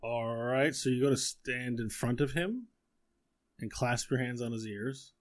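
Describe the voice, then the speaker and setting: A man acting as game master of a tabletop game narrates in a relaxed, rambling way with many fillers. His voice is mid-range and unhurried.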